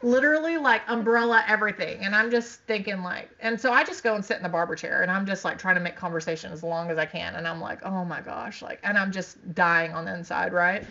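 A woman on a podcast telling a story in a casual, animated way, laughing often and acting out what people said. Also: mid-range voice, fast talker, hardly any pauses. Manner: animated, laughing, frequent "like", acts out quotes. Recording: dull lo-fi sound.

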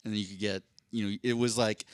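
A man's voice: on the low side, fairly even intonation, fast, no room sound, studio quality. Rambling, joking male podcast co-host. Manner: rambling, self-deprecating, puts on jokey voices. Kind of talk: casual chat.

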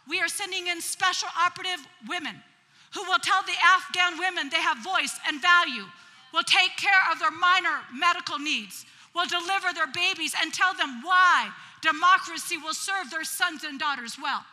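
A woman's voice: very high voice, moderate pace, sharp tone, pitched above the performer's own voice, heavily acted. A woman quoting an earnest, persuasive military officer man during a sermon. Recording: long hall reverb.

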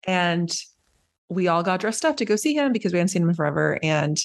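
Low, gravelly-voiced woman podcast host. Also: very animated, fairly quick. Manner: open, personal storytelling. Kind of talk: casual conversation.

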